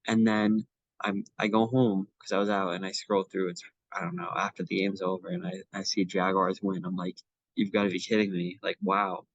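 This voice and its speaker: A young man talks sports with a co-host in an easy, rambling way, full of ums and restarts. His voice sits a little low. The sound is dull and lo-fi, close and dry. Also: level tone, normal speed, no room sound. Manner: chatty, many fillers and restarts. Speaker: podcast co-host. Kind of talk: casual sports chat.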